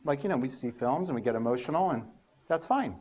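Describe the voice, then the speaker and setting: A man giving a university lecture, telling stories about his early research with lively, self-mocking humor and acting out his own past reactions. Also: medium pitch, fast talker, breathy edge, dull audio. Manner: animated storytelling, acts out his past thoughts. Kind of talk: lecture with personal anecdotes.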